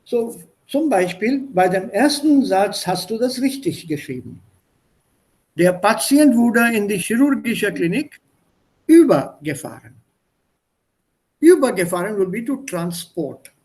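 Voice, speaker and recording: A man's voice: high voice, expressive, unhurried, darkish tone. A man teaching German in an online one-on-one lesson over a video call, patiently explaining by repeating synonyms. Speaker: German tutor.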